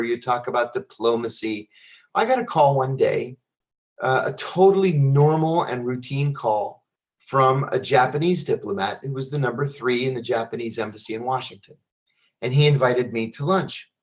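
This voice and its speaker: A middle-aged American man calmly telling a first-person story in a measured, plainspoken way, as a guest speaker at an online event. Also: mid-range voice, highs cut off. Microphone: online event stream.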